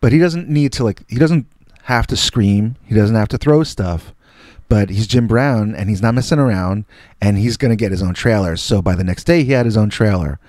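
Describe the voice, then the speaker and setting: A man's voice: lowish voice, normal speed, darkish tone, no echo, studio quality. Rambling, self-mocking middle-aged male storyteller. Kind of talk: casual spoken storytelling. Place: indoors.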